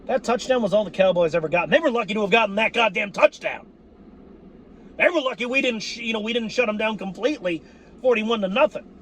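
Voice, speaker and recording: Fired-up, cursing man with a hoarse voice. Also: sits high, fast talker, slight background noise. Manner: fired-up, cursing, shouting outbursts. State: voice going hoarse. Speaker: sports fan vlogger. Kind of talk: profane fan rant.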